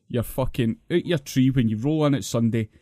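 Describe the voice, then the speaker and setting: A man's voice: medium pitch, fairly quick, warm tone, no room sound, clean studio sound. A Scottish man co-hosting a podcast, telling long profane stories in a ranting manner. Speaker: podcast co-host. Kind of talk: casual chat, long sweary anecdotes.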